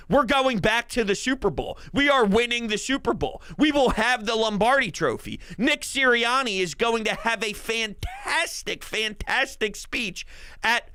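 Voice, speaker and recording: A man hosting a sports show, talking as a hyped fan who rambles, jokes and breaks into shouted bursts. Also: high voice, expressive, moderate pace, no echo. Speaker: sports podcast host. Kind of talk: excited sports talk monologue.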